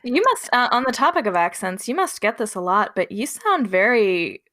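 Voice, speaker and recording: A woman's voice: on the high side, very animated, moderate pace, a bit bright. A woman co-hosting a podcast in casual chat, laughing often. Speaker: podcast co-host.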